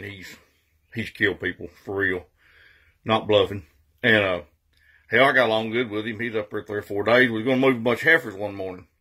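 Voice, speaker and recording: A man's voice: fairly low pitch, pushed and bright. Folksy cowboy man spinning a yarn. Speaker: storyteller. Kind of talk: casual storytelling.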